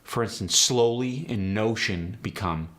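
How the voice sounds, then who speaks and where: A man hosting a tutorial as an accent coach, explaining sounds in a brisk, direct way. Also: lowish voice, a bit bright. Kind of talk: instructional tutorial.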